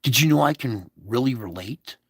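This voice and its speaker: A man's voice: mid-range voice, animated, normal speed, breathy edge, no echo. A man giving a devotional talk spoken in God's voice, blunt and conversational, with crude words and many coaxing questions to listeners. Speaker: devotional speaker.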